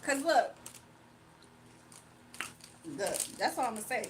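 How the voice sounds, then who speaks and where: High-voiced woman chatting on a livestream. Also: animated, takes it slowly, far from the mic, a little hiss or hum. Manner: laughs often, talks with mouth full. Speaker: livestream host reading chat. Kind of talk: casual livestream chat while eating.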